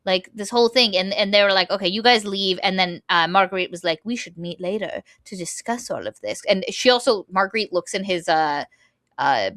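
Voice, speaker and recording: Bright-voiced woman recapping a book. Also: mid-range voice, fairly quick, no echo, studio quality. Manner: animated plot recap, acting out characters' lines. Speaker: podcast co-host. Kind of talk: casual book discussion.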